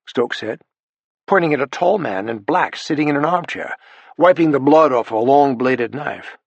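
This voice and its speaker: A man reading a thriller audiobook in a measured, even narration. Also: mid-range voice, vocal fry, slightly rough, no echo, lo-fi sound. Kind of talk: scripted narration.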